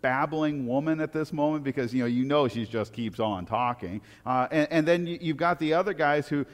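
A man with a slightly higher voice preaches a story-driven sermon, repeating words as he restarts his sentences. His voice carries a long reverb, as if it were filling a large church sanctuary. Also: normal speed. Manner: animated retelling with frequent restarts and stammered repeats.

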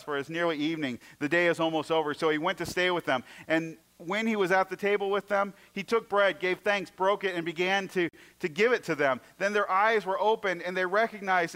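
A man preaching a sermon, retelling stories with acted-out voices and moving between emphatic passages and hushed ones. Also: high voice. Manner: storytelling, acting out scenes in varied voices; swings from loud and emphatic to hushed. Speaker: pastor.

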